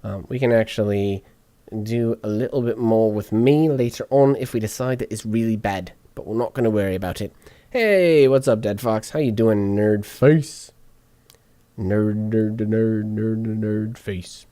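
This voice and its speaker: A man walking through podcast audio editing out loud, chatty and joking to himself as he works. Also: fairly low pitch, normal speed, dry recording. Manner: chatty, jokey asides while working. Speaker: podcast editor streaming his editing session. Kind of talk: casual on-screen tutorial talk.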